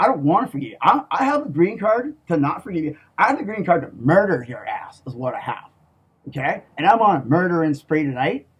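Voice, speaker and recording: Husky man in a profane, menacing rant. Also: on the high side, highs cut off. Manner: profane and menacing, with heavy swearing; slow, emphatic, repeats "okay?". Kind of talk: ranting monologue.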